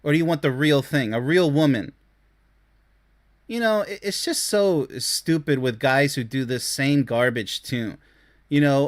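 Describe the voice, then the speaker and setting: A man's voice: medium pitch, a little slow. A man giving blunt, scornful reaction commentary on dating posts as a relationship commentator, lecturing his listeners.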